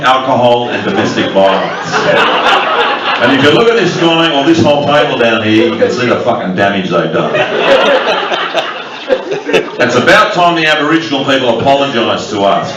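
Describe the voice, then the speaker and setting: A man performing stand-up in a packed club, barking out crude jokes and needling the audience. His lively, swooping delivery is picked up from a distance, with the room's heavy echo and loud laughter all around him. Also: mid-range voice, highs cut off, heavy background noise. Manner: crude, abrasive crowd-work with shouted impressions. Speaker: stand-up comedian. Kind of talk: stand-up comedy set. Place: club function room with a live audience. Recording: distant mic in a crowded echoey club.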